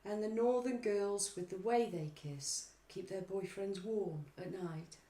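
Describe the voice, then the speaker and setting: A woman co-hosting a casual quiz at home, reading song lyrics slowly and theatrically between giggles. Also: medium pitch, dark tone, echoey room. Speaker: quiz co-host.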